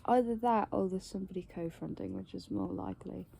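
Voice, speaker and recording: A tired woman rambles along in a very dark, mellow voice with a gravelly edge of fry. Her talk meanders, packed with "like" and casual swearing, as if chatting to someone close. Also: medium pitch, a little fast. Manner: meandering, heavy use of "like" and swearing.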